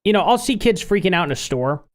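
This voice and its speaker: A man and father in casual podcast chat, laughing often and talking in a relaxed, conversational way. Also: high voice, quick pace. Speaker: podcast co-host.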